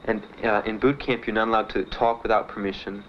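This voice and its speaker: A man's voice: on the low side, fairly even intonation. Guy telling his service story, lots of uhs, faint hiss behind, kinda muffled old tape. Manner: halting, plainspoken storytelling with many "uh" fillers. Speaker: veteran interviewee. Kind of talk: documentary interview. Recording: dull archival recording with faint hiss.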